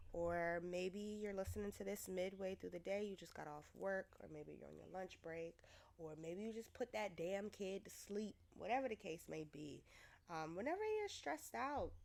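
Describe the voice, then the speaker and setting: A young woman hosts her own solo podcast, chatting loosely and swearing casually. She's recovering from covid, so her mid-range voice is still sick and creaky.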